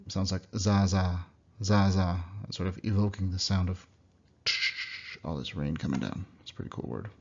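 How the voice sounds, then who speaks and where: Man, deep voice, slide lecture, patient demonstrations, dull lo-fi computer recording. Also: darkish tone, slightly rough. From United States. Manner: explanatory, demonstrates words slowly and repeats them. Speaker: language teacher. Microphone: computer mic.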